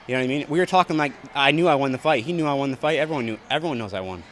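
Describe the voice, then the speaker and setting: Backstage at the arena, a young fighter in a post-fight press scrum talks very fast at a medium pitch, with slight background noise around him. His replies to reporters after the bout are blunt, repetitive and profane.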